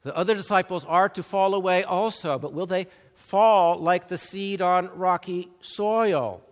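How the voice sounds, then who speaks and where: Mężczyzna, kaznodzieja, pogłos dużej sali. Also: male voice, sits high, measured pace. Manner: emphatic, swings from loud urgency to hushed softness. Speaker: pastor. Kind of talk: sermon. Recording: long reverb of a large hall.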